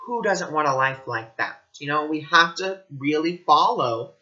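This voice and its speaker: A man giving a casual spiritual talk, earnest and animated, acting out the people in his stories. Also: on the high side, unhurried, highs cut off. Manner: earnest, animated storytelling with quoted voices. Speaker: spiritual teacher.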